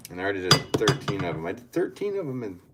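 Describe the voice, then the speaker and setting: A man's voice: on the low side, sing-song, rapid-fire. A man in his thirties, a potter chatting casually on a live stream while he works, thinking aloud and reading viewers' comments. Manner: easygoing, thinks aloud, reads chat comments. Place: pottery studio. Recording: loud background noise with clicks.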